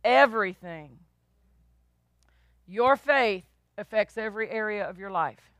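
A woman's voice: medium pitch, lively intonation, a little slow, a bit bright, dry recording. A woman pastor preaching a sermon, emphatic and repetitive, drawing responses from the congregation.

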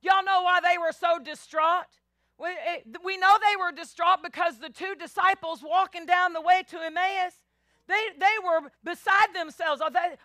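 A woman pastor preaching a sermon, animated, acting out biblical voices and calling the congregation y'all. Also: very high voice, moderate pace, no room sound, clean studio sound.

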